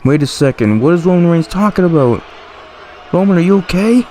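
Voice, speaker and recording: A man with a high voice calls the wrestling action in play-by-play fashion, breaking into exclamations as the fight unfolds. A faint hiss of noise sits under his voice. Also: brisk. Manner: excited, exclamatory ringside calling. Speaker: commentator for a wrestling video game series. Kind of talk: play-by-play commentary.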